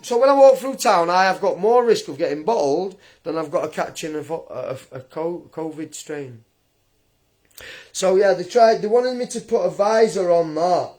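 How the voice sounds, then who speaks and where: Indignant man, high-pitched rant. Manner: indignant, blunt and combative, with restarts. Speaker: vlogger. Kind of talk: ranting direct-to-camera monologue.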